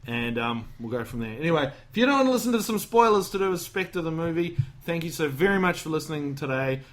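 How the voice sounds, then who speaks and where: A man's voice: a little high, lively intonation, fast talker. A man hosting a podcast, rambling and joking in casual chat, acting out lines from a movie. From Australia. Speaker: podcast host.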